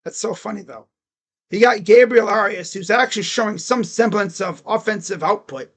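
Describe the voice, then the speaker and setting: A man's voice: high voice, moderate pace, a bit bright. A man vlogging as a sports fan, ranting in an exasperated, mocking way with swearing. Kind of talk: casual sports rant.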